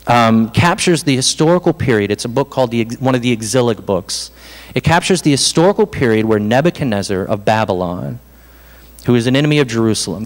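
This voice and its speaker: A man preaching a sermon as pastor, in an animated, conversational way with self-deprecating asides. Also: mid-range voice. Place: church hall. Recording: reverberant hall.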